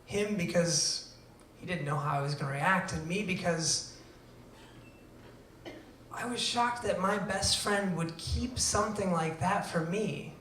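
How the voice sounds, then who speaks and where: Animated man telling a story on stage. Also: high-pitched, measured pace, a little hiss or hum. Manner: animated, acts out quoted dialogue, swings between hushed and loud. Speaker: storyteller at a live event. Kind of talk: live personal storytelling. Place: event venue before an audience. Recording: roomy venue, voice from far off.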